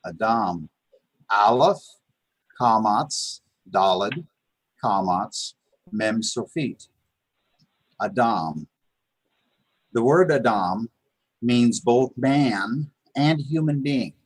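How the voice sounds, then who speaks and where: A man's voice: mid-range voice, expressive, extremely slow, long pauses, husky, dry recording. A man teaching a beginners' Hebrew lesson, patiently repeating words and sounding them out, with many fillers and restarts. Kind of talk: live online lesson. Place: Chabad house.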